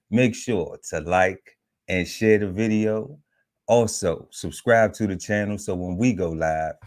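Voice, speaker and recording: Deep voiced guy hosting a live podcast, laid back, kinda loose with his words. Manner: relaxed, repeats and restarts, leads with set segments. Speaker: podcast host.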